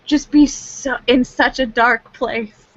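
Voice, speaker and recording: A woman co-hosting a casual chat, animated and laughing as she acts out reactions. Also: high-pitched, slow pace, no room sound, dull audio. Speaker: co-host.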